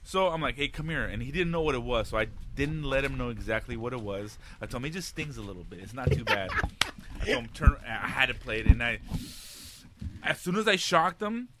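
A man's voice: medium pitch, animated, brisk, background noise. A man, a father, telling a profane story in casual podcast chat, laughing often as he goes. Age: adult, a father.

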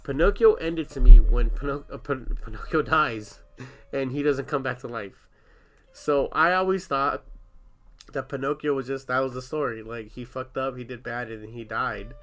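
A young man on a podcast, telling an animated story in casual chat, swearing freely and laughing often. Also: mid-range voice, normal speed, soft background music. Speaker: podcast co-host.

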